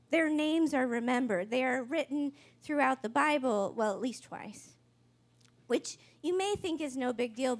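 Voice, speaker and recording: A woman giving a sermon in a conversational, wry storytelling way. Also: sits high. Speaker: pastor.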